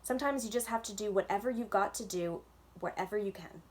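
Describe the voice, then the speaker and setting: A brisk, bossy old witch barks out orders and tells tall tales of her adventures in a gruff, no-nonsense voice, as a woman reads her aloud from a children's book. She sounds tough but caring underneath. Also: medium pitch, darkish tone, close to an everyday voice. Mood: storytelling. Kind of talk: reading a children's novel aloud.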